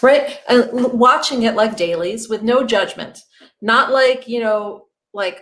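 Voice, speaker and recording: A woman's voice: on the high side, measured pace. Middle-aged woman as a chatty acting coach leading a group session. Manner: conversational, peppered with "you know" and "right?".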